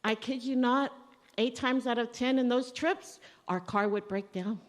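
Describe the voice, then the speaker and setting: In a church with the long reverb of its hall, a woman with a somewhat high voice delivers a eulogy for her father at a family funeral. Unhurried, she tells stories conversationally and acts out remembered dialogue.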